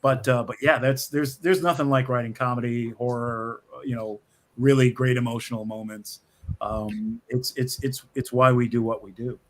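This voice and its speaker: A middle-aged man, a screenwriter guest, chats casually in an interview, rambling with lots of restarts and small laughs. His voice is mid-range with fairly even intonation, delivered at normal speed.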